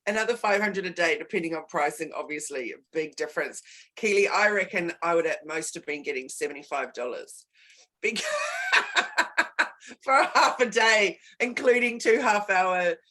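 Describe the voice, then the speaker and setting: A woman's voice: lowish voice, normal speed, a bit bright. A woman consultant talking candidly in a casual conversation, stressing points by repeating words. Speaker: guest and business consultant.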